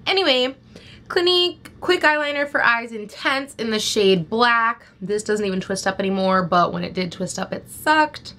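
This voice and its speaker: A woman's voice: on the high side, lively intonation, a little fast, a bit bright, slight background noise. Blunt, chatty young woman reviewing makeup. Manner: blunt, chatty, rambling with many "like"s. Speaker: beauty vlogger. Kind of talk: casual product review chat.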